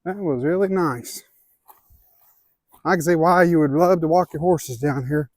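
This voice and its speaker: A hiking vlogger with an Ozark Southern American accent films a casual walking vlog on a handheld camera, chatting in a relaxed, easygoing way with viewers as he walks an outdoor trail. The climbs leave him a little out of breath. His voice sits on the high side at a measured pace, with no echo.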